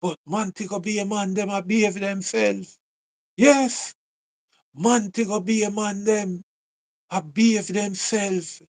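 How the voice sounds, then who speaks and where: A man's voice: high-pitched, darkish tone. A man with a Jamaican accent giving a casual, repetitive commentary monologue, full of rhetorical questions.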